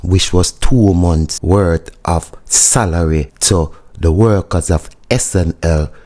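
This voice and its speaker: A man's voice: low-pitched, slow, dark tone. A man with a Jamaican accent giving opinionated news commentary, emphatic and scolding. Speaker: commentary host.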